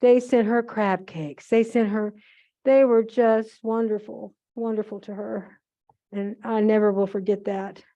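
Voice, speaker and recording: This muffled museum archive clip captures an older woman casually storytelling as she demonstrates holiday decorating, rambling with plenty of asides. She speaks at a measured pace in a mid-range, dark-toned voice, keeping her tone steady. The setting is a museum event room.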